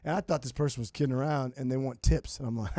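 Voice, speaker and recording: A man's voice: medium pitch, fast talker, warm tone. A man in his forties hosting a podcast, chatting casually and joking with interjections. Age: 40s. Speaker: podcast host.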